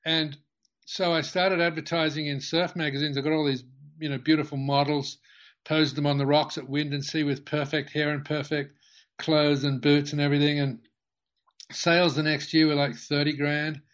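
An older man, a company founder, tells a long anecdote in an interview, halting with many restarts and fillers. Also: fairly high pitch, flat delivery, fairly bright tone.

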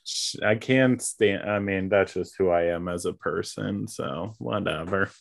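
A man's voice: low-pitched, measured pace, vocal fry. A man co-hosting a podcast, chatting casually in an upbeat, joking way. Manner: upbeat, joking, laughs often. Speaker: podcast co-host. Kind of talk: casual chat.

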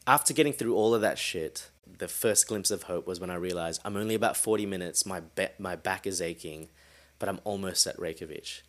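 A man hosting a solo podcast, telling a story in a casual, animated way and swearing freely. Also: low voice, brisk. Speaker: podcast host.

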